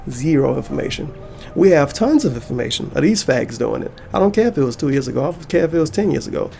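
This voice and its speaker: Male YouTuber, gravelly, fired-up reaction rant, heavy profanity. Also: on the high side, very animated, fast, warm tone, soft background music. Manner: heated, profane ranting. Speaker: YouTuber and streamer. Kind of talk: angry reaction commentary.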